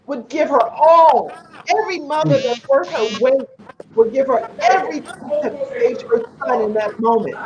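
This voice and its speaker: A woman hosts a talk show discussion, speaking in an earnest, emotional way. Her voice sits fairly high. The audio is dull and lo-fi, with faint noise underneath. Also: darkish tone. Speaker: host.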